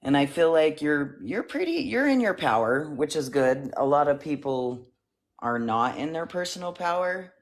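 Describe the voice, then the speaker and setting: A man's voice: a little high, very animated, normal speed. A man calling in to give an energy reading, hesitant, full of ums and likes, a little out of breath. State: slightly out of breath. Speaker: caller, self-described psychic. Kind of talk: casual call-in reading.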